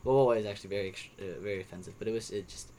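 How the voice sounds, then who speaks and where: A man's voice: lowish voice, very fast, noisy background. A young man chatting casually on a podcast about movies he watched, rambling with many restarts and fillers. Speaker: podcast co-host. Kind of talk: casual movie review chat.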